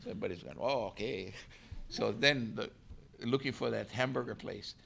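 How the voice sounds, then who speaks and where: Brief: man, canoe crew storyteller, gravelly voice, faint room hiss behind. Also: mid-range voice, fairly quick. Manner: animated storyteller, laughs and acts out voices. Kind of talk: storytelling talk.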